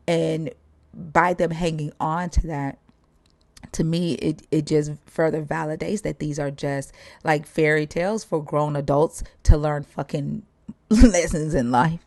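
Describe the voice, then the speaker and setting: A woman hosts a casual livestream chat, speaking bluntly and swearing freely. Her voice sits low with a gravelly fry. The sound is dry and close. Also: steady tone, a little slow, a little mellow, no echo. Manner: blunt, profane, laughs often. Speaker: livestream host.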